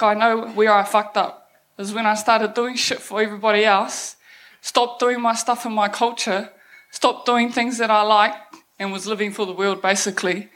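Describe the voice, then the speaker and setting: Young NZ woman, stage talk, blunt and profane, mid pitch, laughs through the story. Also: a bit bright. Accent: New Zealand. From New Zealand. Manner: blunt, swears freely, laughs while telling. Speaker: speaker telling her life story. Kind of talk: candid personal story talk. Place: event stage.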